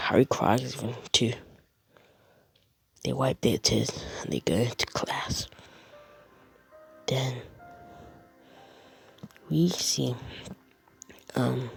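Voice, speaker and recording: A man's voice: medium pitch, gravelly, a bit bright, poor audio. A man improvising a fan story as a storyteller, rambling and often dropping to a whisper. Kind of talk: improvised fan-fiction narration.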